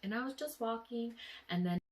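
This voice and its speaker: A woman's voice: fairly high pitch, moderate pace. Chatty young woman telling a dream. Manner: tearful and breathy, with sighs and quiet laughs; chatty, full of "like" fillers. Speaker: vlogger. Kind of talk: emotional dream diary vlog.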